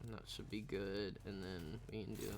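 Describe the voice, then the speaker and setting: A man's voice: on the low side, flat delivery, normal speed, gravelly. A man streaming a game, casually commenting on his moves and laughing often as he reacts to chat.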